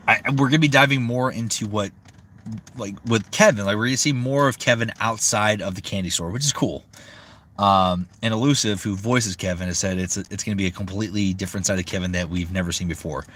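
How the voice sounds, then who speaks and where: A young man, a voice actor, chatting casually on a live stream, rambling and excitable, swearing freely. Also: lowish voice. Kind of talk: casual livestream chat.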